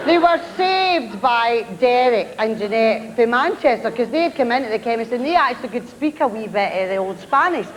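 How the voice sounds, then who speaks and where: A woman's voice: fairly high pitch, animated, normal speed, hardly any pauses, some chatter behind, low-quality recording. A Scottish woman telling comic stories on stage as a show host, chatty and mocking as she acts out relatives and tourists. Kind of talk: stand-up storytelling to a live audience. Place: television studio before an audience. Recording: TV studio with loud audience laughter and noise.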